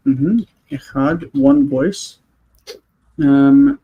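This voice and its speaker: A man teaching a grammar lesson on a video call, explaining patiently and slowing down to spell out words. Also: fairly high pitch, dark tone, lo-fi sound. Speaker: Hebrew teacher. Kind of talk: online class lesson.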